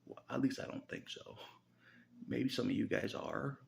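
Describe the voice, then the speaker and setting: A man's voice: mid-range voice, normal speed, vocal fry, a little hiss or hum. A man rambling through a casual spiritual monologue, chuckling often, swearing and saying "you know" a lot.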